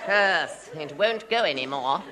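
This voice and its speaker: A man's voice: a little high, animated, measured pace, a loud crowd. A man playing a bossy, sneering older schoolboy bully in a 1950s radio comedy. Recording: hissy old radio recording with studio audience laughter.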